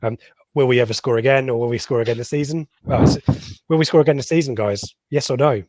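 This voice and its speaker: A man's voice: mid-range voice, fast, darkish tone, no room sound. A man hosting a casual football podcast, reading out listener questions with a lot of hesitant ums. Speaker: podcast host.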